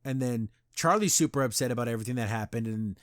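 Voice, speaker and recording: A man's voice: medium pitch, fast talker, dry recording, studio quality. A man hosting a podcast, chatting casually and animatedly as he reviews an episode and retells its scenes. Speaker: podcast host.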